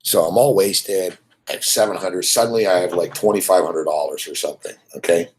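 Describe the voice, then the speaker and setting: A man's voice: sits low, steady tone, fairly quick, darkish tone, husky. A man from Montreal, hosting and telling a rambling, profane story that keeps repeating itself. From Montreal, Canada. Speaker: host.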